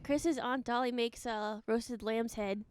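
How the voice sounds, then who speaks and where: A woman's voice: on the high side, steady tone, unhurried, clear, resonant tone. A young woman co-hosting a podcast in casual chat, easygoing and a little hesitant. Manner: easygoing, giggly, a bit hesitant. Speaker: podcast co-host.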